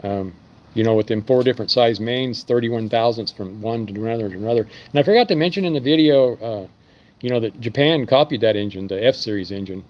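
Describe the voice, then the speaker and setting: A man's voice: medium pitch, fairly quick, a little mellow, highs cut off. A man who runs an engine machine shop, rambling through stories in a casual live stream. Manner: rambling storytelling with fillers.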